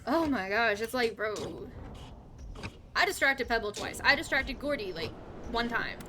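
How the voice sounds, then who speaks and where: A woman's voice: on the high side, animated, a little slow, noisy background. A young woman streaming a game live, talking to chat while she plays, exclaiming, swearing and ranting about her teammates. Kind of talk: live gameplay commentary.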